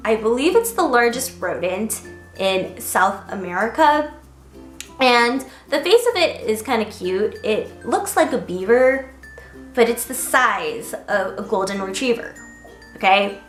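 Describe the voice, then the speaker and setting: A woman's voice: a little high, animated, unhurried. A young woman chatting casually to camera in a vlog, bubbly and giggly, with lots of "like" fillers. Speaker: vlogger. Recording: roomy echo, faint music behind.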